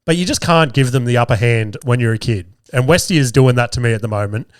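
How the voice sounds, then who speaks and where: A man's voice: mid-range voice, quick pace, clear, resonant tone, dry recording, studio quality. A man, telling casual stories as a podcast host, swearing freely and acting out quoted lines. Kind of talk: casual storytelling.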